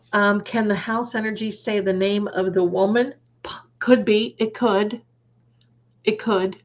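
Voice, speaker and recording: Woman, psychic livestream host, unhurried and halting, reads word lists aloud; muffled, low-fi sound. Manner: halting, trails off and restarts. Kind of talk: livestream chat with viewers.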